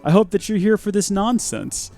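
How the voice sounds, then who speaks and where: A man's voice: high-pitched, expressive, moderate pace, gravelly, warm tone, faint music behind. A man hosting a live game stream, with goofy, rambling and chatty commentary.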